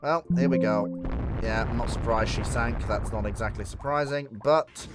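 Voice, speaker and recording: A man's voice: mid-range voice, normal speed, loud music behind the voice. A man commentating live on a naval strategy game, swearing and talking to the ships on screen. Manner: swearing, excitable, talks to the game. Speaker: streamer.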